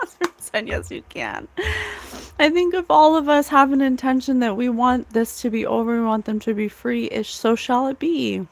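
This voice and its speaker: Woman, psychic medium, livestream channeling, emotional, earnest, laughs often, raised pitch. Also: moderate pace, creaky, few pauses.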